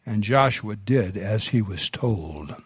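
A middle-aged man, a pastor preaching a sermon, telling stories in an unhurried way with some restarts. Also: fairly low pitch, animated, slightly rough, no echo. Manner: unhurried storytelling delivery with restarts.

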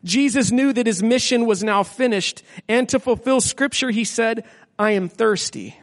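A man on a church staff reading a scripture passage aloud with deliberate pauses. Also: very high-pitched, big-room sound.

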